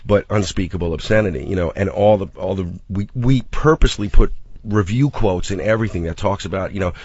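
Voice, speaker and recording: A comedian and director chatting as a radio show guest, his voice sitting on the lower side. He talks in an animated rush, laughing and restarting sentences as ideas pile up. The studio sound is dry and a bit dull. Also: fairly quick, no room sound. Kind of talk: casual radio chat.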